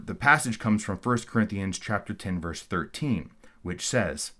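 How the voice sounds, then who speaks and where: A man's voice: lowish voice, a bit bright. A man giving a recorded theology course lecture, earnest and explanatory, reading verses aloud and then commenting on them, with frequent fillers and restarts.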